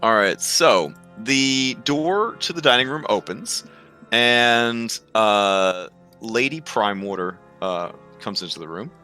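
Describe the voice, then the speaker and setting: A man's voice: fairly low pitch, expressive, slow pace, sharp tone, clear, resonant tone, soft background music. A man narrating as game master for a tabletop game, rambling with many fillers.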